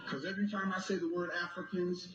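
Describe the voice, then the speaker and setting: A man lecturing a congregation like a preacher. He reads a text aloud, stops to ask the audience whether they follow, and rises into shouted emphasis. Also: sits high, little pitch movement, fast, muffled recording, a crowd in the background. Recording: echoey room with background noise.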